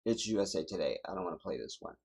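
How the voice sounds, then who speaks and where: A man with a husky, slightly breathy voice delivers livestream commentary. He talks in an emphatic, preaching way and hammers his points by repeating phrases. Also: sits low, expressive, racing, darkish tone. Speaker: livestream host.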